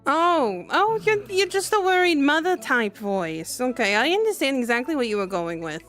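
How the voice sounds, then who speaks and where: High-voiced chatty woman player. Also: big pitch swings, moderate pace, a bit bright, soft background music. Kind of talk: casual role-play chat.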